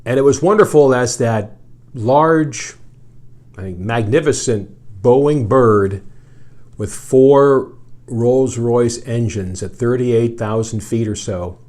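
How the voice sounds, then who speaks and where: A man's voice: medium pitch, darkish tone. A middle-aged man, a radio journalist, spinning a casual, meandering yarn full of asides. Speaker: radio journalist telling a story. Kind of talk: casual storytelling.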